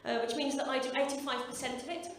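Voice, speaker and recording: A woman's voice: high voice, fairly even intonation, fast talker. A woman in her forties from the English Midlands, doing a sweary, punchy stand-up comedy set in a club. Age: 40s. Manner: brash, sweary, punchy delivery. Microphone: stage microphone. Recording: echoey club room, picked up from a distance. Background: audience laughter.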